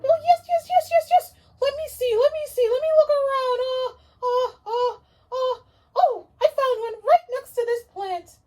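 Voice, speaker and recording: A woman voicing an excitable owl puppet who talks in a high squeaky voice and repeats words eagerly. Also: measured pace. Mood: excited.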